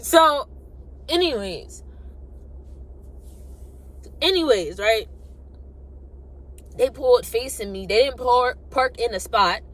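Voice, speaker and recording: A young adult woman casually telling a personal story, animated and colloquial, acting out what people said. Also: on the high side, takes it slowly, long pauses. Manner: animated, acts out quotes, colloquial. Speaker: vlogger.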